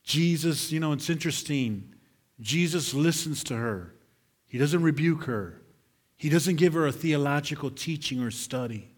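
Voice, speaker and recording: A man preaching a sermon as pastor, emphatic and repetitive, swinging from loud declarations to hushed lines. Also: fairly high pitch, normal speed.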